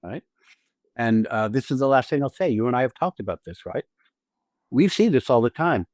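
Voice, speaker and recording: A man's voice: medium pitch, sing-song, normal speed, a little mellow, dry recording, studio quality. A man hosting a podcast as an acting teacher, talking casually and animatedly, swearing freely and acting out little scenes with quoted lines.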